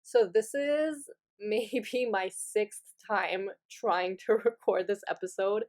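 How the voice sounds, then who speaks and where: A woman's voice: mid-range voice, takes it slowly, a little mellow. A young woman hosting her own podcast, telling a funny story in a casual, rambling way and often breaking into giggles. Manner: giggly, rambling, self-mocking. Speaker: podcast host. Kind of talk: casual solo story time.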